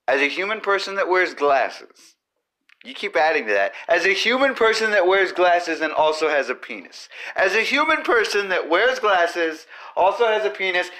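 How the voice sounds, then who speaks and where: A man's voice: high-pitched, sharp tone. A man hosting a comedy podcast, rambling goofily and breaking into silly riffs and sung nonsense. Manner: goofy, riffs and sings silly bits. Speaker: podcast host.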